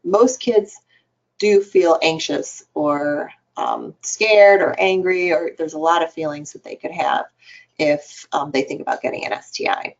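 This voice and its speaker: A woman's voice: low-pitched, a little slow, gravelly. A woman presenting a webinar for adolescent health providers, explaining in a conversational way with some fillers. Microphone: computer mic on a webinar call. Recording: dull lo-fi webinar audio.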